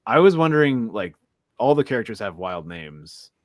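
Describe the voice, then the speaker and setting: A man chatting casually about a film on a podcast, musing aloud and trailing off softly. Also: lowish voice, big pitch swings, moderate pace, no room sound, muffled recording.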